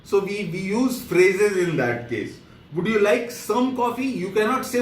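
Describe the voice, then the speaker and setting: A man with an Indian English accent teaching a grammar lesson, repeating and rephrasing each point slowly. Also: high voice, sing-song. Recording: echoey room, distant mic, faint noise.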